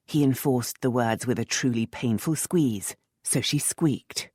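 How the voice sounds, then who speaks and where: An audiobook narrator reading a romance novel in a measured, expressive way. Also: medium pitch, no room sound, studio quality.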